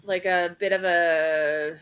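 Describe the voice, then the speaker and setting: A woman's voice: on the low side, fairly even intonation, takes it slowly, a bit bright, clean tone, poor audio. A woman co-hosting a podcast, making dry, wry remarks in casual chat. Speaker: podcast co-host.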